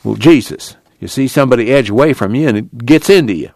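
Brief: man reading as a sorry-for-himself one-eyed loner, whining, lively swings in pitch. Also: fast talker, vocal fry, no echo. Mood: bitter. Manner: whiny, complaining drawl. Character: self-pitying one-eyed man, bitter and weepy.

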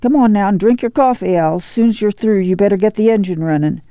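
Male reader playing a steady rural mother ordering her family about, gravelly, dry. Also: medium pitch, dry recording, voice pushed up, close to an everyday voice. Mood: firm. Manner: folksy rural dialect, brisk commands. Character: weary, firm farm mother running family.

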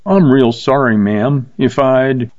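A man's voice: medium pitch, slow pace, darkish tone, no echo, lo-fi sound, lightly acted. A man voicing a meek young rodeo cowboy who speaks apologetically and pleads, in a read-aloud story. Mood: apologetic.

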